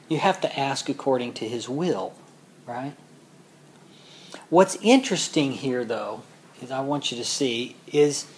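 A man delivering a sermon in a slow, deliberate way, weighing each phrase. His voice sits at a middle pitch and climbs to loud, fervent peaks before falling back to a soft, earnest hush. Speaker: preacher.

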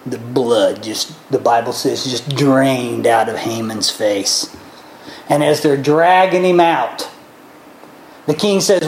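A woman delivers a sermon at an unhurried pace, retelling scripture in an animated way. She throws her voice high and low as she acts out each character. The room around her is echoey. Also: a little hiss or hum. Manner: animated, acts out characters with big pitch swings. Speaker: preacher. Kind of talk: sermon storytelling.

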